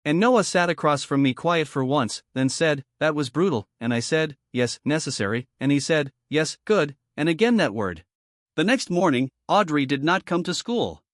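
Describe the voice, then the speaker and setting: A man tells a dramatic first-person story in a steady, even narrating voice. His pitch sits a little high for a man. The recording is dry and close, with no room sound. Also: normal speed, dry recording.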